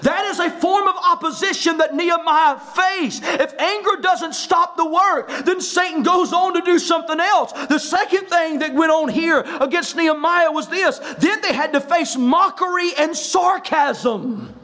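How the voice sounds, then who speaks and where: A man's voice: very high voice, unhurried, hardly any pauses, pushed and bright. A man preaching a sermon as pastor of a church, often raising his voice for emphasis and acting out quoted lines.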